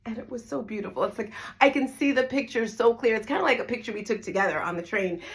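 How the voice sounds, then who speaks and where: A woman's voice: fairly high pitch, quick pace. Emphatic middle-aged woman telling a story. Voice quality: emphatic, repeats phrases for effect. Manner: conversational, asks "right?" to listeners. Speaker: fitness instructor and speaker. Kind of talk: personal storytelling to camera.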